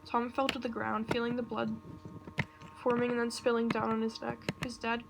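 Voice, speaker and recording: A woman reading a fan story aloud in a nervous, halting way, breaking off now and then. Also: fairly high pitch, monotone, gravelly. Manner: nervous, self-interrupting reading with asides. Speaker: reader. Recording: noisy home recording with computer clicks.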